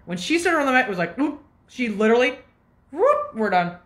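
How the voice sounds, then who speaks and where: A woman's voice: high voice, very animated, racing, a bit bright. A woman in her fifties telling a long, agitated story straight to her viewers, swearing and jumping between asides. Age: 50s. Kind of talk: casual rant to camera.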